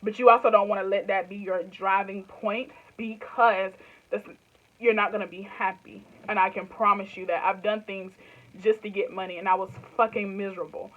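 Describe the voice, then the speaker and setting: A woman's voice: mid-range voice, steady tone, normal speed, narrow, tinny audio. A woman in her twenties with a Southern US accent, chatting casually to camera in loose, rambling phrases and laughing often. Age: 20s. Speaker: YouTuber. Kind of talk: casual direct-to-camera chat.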